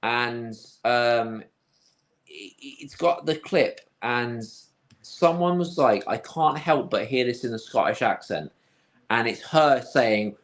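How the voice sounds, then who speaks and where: Rambling man of medium pitch. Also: slow. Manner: rambling, many restarts, dry humour. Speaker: podcast co-host. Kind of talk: casual film discussion.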